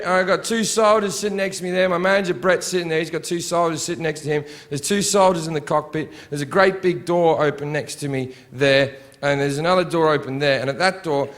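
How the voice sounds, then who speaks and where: A man's voice: a little high, a bit bright, slight background noise. A man doing stand-up, telling a story in a crude, sardonic way and acting out the scenes. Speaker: stand-up comedian.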